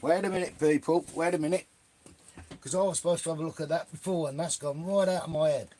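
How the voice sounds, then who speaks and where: A man's voice: a little high, fairly even intonation, quick pace, mellow, a little hiss or hum. A man hosting a live stream in casual chat, greeting viewers by name and swearing freely.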